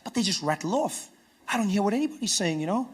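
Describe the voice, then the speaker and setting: A man with a South African accent doing stand-up comedy, telling stories with animated delivery. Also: high voice, quick pace, breathy edge. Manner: animated storytelling, acting out characters.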